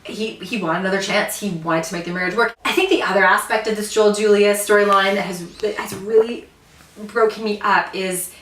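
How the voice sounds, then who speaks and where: A woman's voice: medium pitch, steady tone, fairly quick, a bit bright, reverberant, far from the mic, rough recording. A woman co-hosting a TV chat show, recapping episodes earnestly with many restarts and emotional asides. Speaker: podcast co-host.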